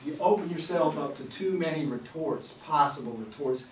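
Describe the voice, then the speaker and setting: Animated man lecturing in an echoey room. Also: a little high, moderate pace. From Florida, USA. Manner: animated, acts out scolding teachers and students. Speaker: teacher trainer. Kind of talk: classroom management workshop lecture. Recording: echoey room, distant mic, faint noise.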